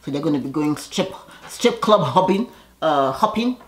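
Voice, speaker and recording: A woman's voice: deep voice, expressive, moderate pace. A woman casually recapping a reality show episode in a chatty, gossipy way, laughing often and tossing in sassy asides.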